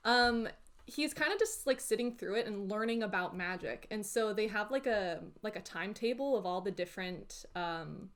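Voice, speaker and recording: A woman's voice: mid-range voice, animated, moderate pace, a bit bright. A woman co-hosting a podcast in casual chat, frank and laughing, with blunt jokes. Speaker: podcast co-host. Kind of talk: casual chat, reading from a book.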